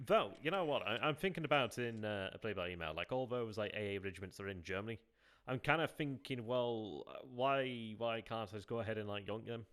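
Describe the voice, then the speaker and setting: A man's voice: lowish voice, animated, a little fast, fairly bright tone. A man streaming a strategy game, thinking aloud, muttering and repeating himself as he reacts, now and then talking to his viewers. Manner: muttering, self-questioning, repeats phrases; chats with viewers between moves.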